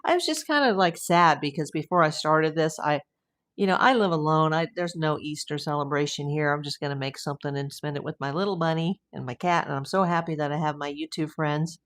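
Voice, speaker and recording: A woman's voice: low voice, brisk. A woman hosting a casual livestream, chatting with viewers and rambling easily between comments and news. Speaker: true crime livestream host. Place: home.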